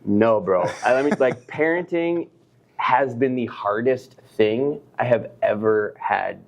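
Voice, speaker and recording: A man's voice: medium pitch, a little slow, creaky. A middle-aged man, a business professor, talking earnestly and expressively as a guest in a casual interview.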